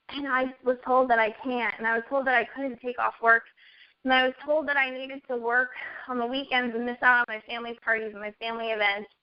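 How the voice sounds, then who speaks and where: A woman's voice: on the high side, little pitch movement, a little fast. A young adult woman in a casual chat, earnestly telling a personal story and quoting herself along the way. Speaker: network marketing guest. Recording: dull lo-fi audio.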